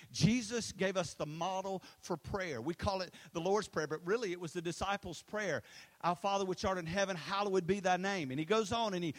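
A middle-aged pastor, his voice sitting high for a man. He preaches with passion, calls on the congregation to answer back, and drops from loud emphatic lines to hushed ones. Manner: swings between loud emphatic lines and low quiet ones. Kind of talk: sermon.

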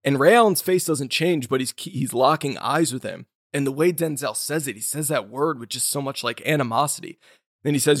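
A man's voice: mid-range voice, a little fast, no room sound, clean studio sound. A man co-hosting a podcast, talking casually about a movie and retelling its scenes with energy. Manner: animated storyteller who acts out quoted lines. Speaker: podcast co-host. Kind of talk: casual film discussion.

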